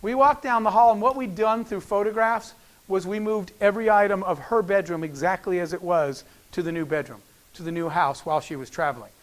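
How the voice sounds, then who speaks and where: High-voiced man telling an emotional story. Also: a little fast. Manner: animated storyteller acting out quoted dialogue. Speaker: keynote speaker. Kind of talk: storytelling speech.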